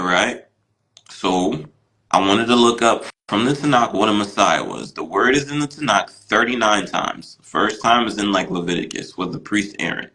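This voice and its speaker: A man guest on a podcast telling his story casually, full of "you know" and "right," jumping his pitch up when he acts out what others said. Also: rough recording. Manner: animated, acts out quoted voices with big pitch jumps.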